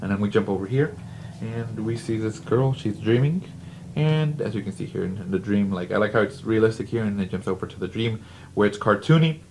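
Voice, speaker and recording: A man's voice: fairly low pitch, brisk, gravelly, background noise. A man who casually reviews a comic book, with plenty of fillers and restarts. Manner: chatty, filler-heavy, restarts.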